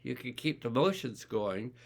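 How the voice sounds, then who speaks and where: A man's voice: mid-range voice, very animated, normal speed. A man, a life coach, talking casually to camera about emotions, rambling with restarts and acting out inner voices. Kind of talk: casual self-help video talk.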